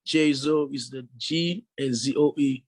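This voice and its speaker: A young man with a deep voice and a foreign accent, a guest musician rambling casually with lots of fillers in an interview. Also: a little slow, no echo. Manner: rambling, relaxed, many fillers like "you know".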